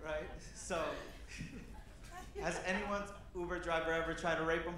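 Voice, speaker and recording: A man's voice: on the high side, fairly even intonation, measured pace, very echoey, crowd noise. A man in his thirties, originally from Peru, doing a stand-up set in a comedy club with a loose, rambling delivery full of fillers. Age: 30s.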